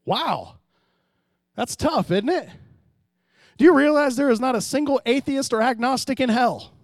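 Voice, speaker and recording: A man pastor preaching a sermon, swinging between hushed, low passages and loud, emphatic rises, often calling out to the congregation. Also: expressive, a little slow, dry recording, studio quality. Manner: preaching with sudden drops to quiet and loud rises, calls to the congregation.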